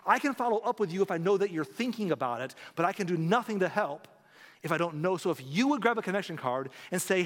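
Earnest pastor in a reverberant hall. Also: male voice, high-pitched, animated, brisk. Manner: earnest pleading appeal. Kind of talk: sermon. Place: church sanctuary.

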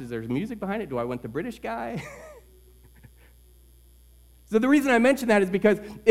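A man preaching a sermon to his church, earnest, swinging between loud emphasis and quiet asides. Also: high voice. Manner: tells a joke story in the middle. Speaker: pastor.

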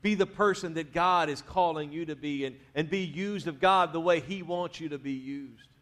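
A man preaching a sermon in a church, talking conversationally, dropping quiet at the ends of phrases and rising to urge the congregation on. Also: a little high, moderate pace. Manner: conversational preaching, drops to quiet endings, rises to urge the crowd. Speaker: pastor. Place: church sanctuary.

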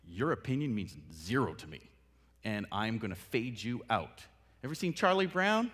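A man's voice: mid-range voice, moderate pace, slightly rough. A man giving a casual talk on listening skills, acting out short exchanges and laughing at himself. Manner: animated, acts out little dialogues with laughs. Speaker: workshop speaker. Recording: long hall reverb.

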